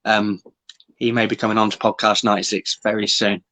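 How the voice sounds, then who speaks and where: A man's voice: lowish voice, flat delivery, fairly quick, sharp tone. A man hosting a live podcast over a video call, upbeat and full of ums. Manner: upbeat, thanks guests, lots of ums. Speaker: podcast host. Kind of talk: casual live-stream chat.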